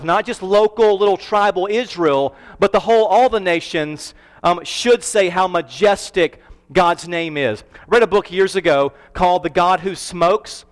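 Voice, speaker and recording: High-voiced man preaching in a church hall. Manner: earnest, emphatic preaching with slowed, stressed phrases. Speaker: pastor. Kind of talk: sermon. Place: church sanctuary.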